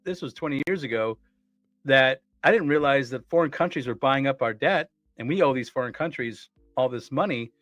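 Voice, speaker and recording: A man co-hosting a casual talk show speaks earnestly, often repeating words as he restarts his sentences. His mid-range voice is a bit bright and moves at a moderate pace, recorded dry.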